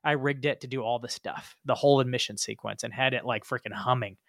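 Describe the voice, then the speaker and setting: Animated male podcast host, dry sound. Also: medium pitch, fast, creaky, no room sound. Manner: animated storyteller, laughs often. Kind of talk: casual interview talk.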